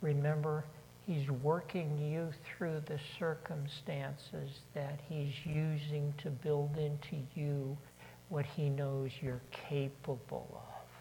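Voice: mid-range voice, flat delivery, slow pace, creaky, warm tone, a little hiss or hum. A preacher delivering an earnest sermon, repeating key questions for emphasis, in a large church. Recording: long hall reverb.

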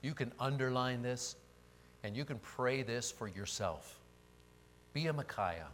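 Man, pastor, sermon, emphatic, rhetorical questions, animated pitch, faint background hiss. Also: a little slow.

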